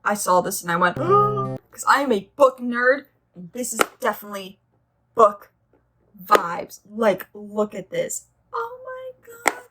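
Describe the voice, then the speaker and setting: A woman's voice: medium pitch, measured pace, background noise. A young woman chatting casually as she reviews her nail polish collection, gushing and rambling into side stories.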